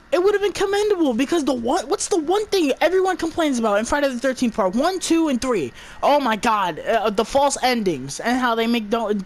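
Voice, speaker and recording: A woman giving an exasperated, profane movie review, stumbling and restarting her words as she rants. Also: high voice.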